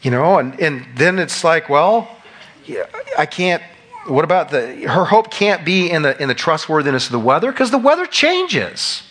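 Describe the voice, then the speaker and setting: A middle-aged man preaching a conversational sermon, animated, with emphatic rising peaks. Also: a little high, normal speed. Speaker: pastor.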